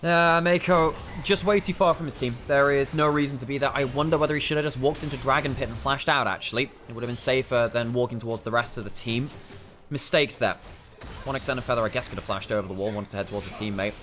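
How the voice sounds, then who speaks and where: Fast-talking English male esports caster. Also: medium pitch, steady tone, a bit bright, a little hiss or hum. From England. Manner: analytical, quick, dry humour. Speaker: esports commentator. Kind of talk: live play-by-play and analysis commentary.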